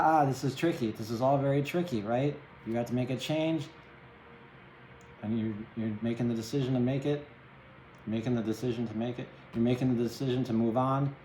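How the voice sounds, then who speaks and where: A man's voice: mid-range voice, darkish tone, roomy sound, a little hiss or hum, rough recording. A man giving a casual tarot reading, chatty and empathetic, rambling and checking in with the listener often. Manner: chatty, empathetic, rambling with many "right?" tags. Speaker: tarot reader.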